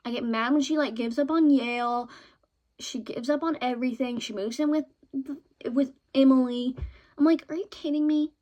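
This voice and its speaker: A young woman vlogging in a chatty, excitable way about her favorite shows and books, often ending points with "okay?". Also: high-pitched, normal speed, highs cut off.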